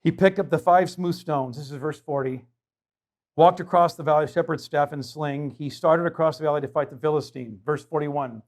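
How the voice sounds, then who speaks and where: A man's voice: a little high, fairly even intonation, normal speed, a little mellow. A man preaching a sermon as pastor, emphatic and conversational, putting rhetorical questions to his congregation.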